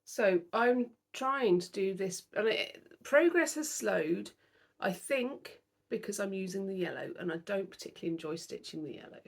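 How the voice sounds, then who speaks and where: A tired young British woman yawns her way through a casual to-camera vlog about her cross-stitch, chatty and self-deprecating. Her medium-pitched voice is expressive, creaky and husky, at normal speed.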